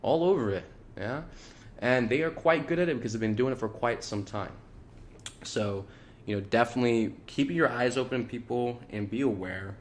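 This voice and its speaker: A man of middle pitch talks on in a loose, rambling monologue. He fills his speech with "like" and "you know" and circles back on his own words. A faint hum of ambience sits under him. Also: normal speed. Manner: loose, earnest, repeats himself. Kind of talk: casual spiritual talk monologue.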